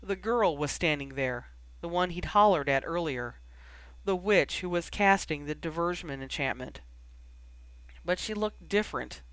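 A reader narrating fan fiction in a measured, steady way. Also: mid-range voice, no echo. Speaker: audiobook reader.

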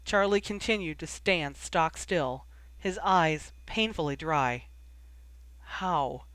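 A reader narrating a fan fiction audiobook in a measured, expressive way. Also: medium pitch, no room sound.

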